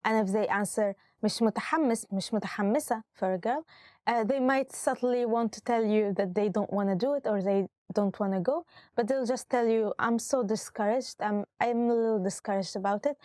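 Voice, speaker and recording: A woman's voice: a little high, brisk, a little mellow, no echo, clean studio sound. A woman hosting a vocabulary lesson in an upbeat, instructive way. She says each word, repeats it, and gives its translation, switching between Arabic and English. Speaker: language teacher and host.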